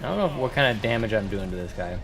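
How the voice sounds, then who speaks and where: Reactive stream co-host, man, animated, loud outbursts at the game. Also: fairly low pitch, racing, faint music behind. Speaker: gaming livestream co-host. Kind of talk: casual chat while gaming.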